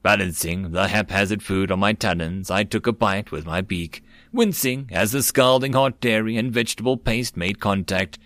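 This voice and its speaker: A man reading a sci-fi fan fiction story aloud in a plain, steady storytelling way. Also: fairly low pitch, moderate pace, hardly any pauses, no room sound.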